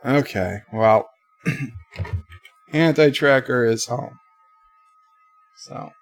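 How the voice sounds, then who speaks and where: A man hosting a casual livestream from his bedroom, reading viewers' comments aloud in a livelier voice and answering them in a lower, quieter tone. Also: drawn-out words, soft background music. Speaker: livestream host.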